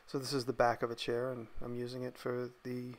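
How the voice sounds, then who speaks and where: Relaxed but tired, a man thinks aloud while casually voicing over footage of building something in his workshop. He speaks briskly in a mid-range voice.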